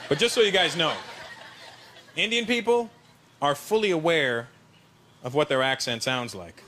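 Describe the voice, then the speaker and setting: Guy doing standup to a live crowd, high voice, lots of hiss on the clip. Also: moderate pace. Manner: animated, confiding, riffing with the crowd. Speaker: stand-up comedian. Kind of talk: stand-up routine. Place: stage in front of a live audience. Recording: noisy played-back stand-up clip.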